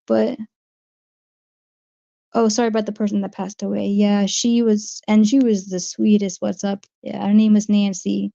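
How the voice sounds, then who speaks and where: A chatty woman with a New Jersey accent rambles through her livestream and answers viewer comments. Her voice is gravelly, flat and mellow, and the stream audio sounds dull and lo-fi. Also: mid-range voice, normal speed. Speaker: livestream host. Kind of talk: casual livestream chat.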